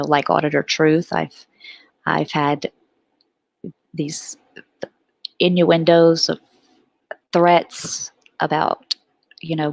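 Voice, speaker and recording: A woman's voice: low-pitched, vocal fry, no echo. A woman hosting a casual online panel chat, rambling with restarts and laughing often. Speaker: panel host.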